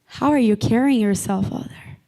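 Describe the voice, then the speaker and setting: A woman's voice: a little high, normal speed, mellow. A woman preaching a sermon, impassioned, repeating lines for emphasis and calling out members by name.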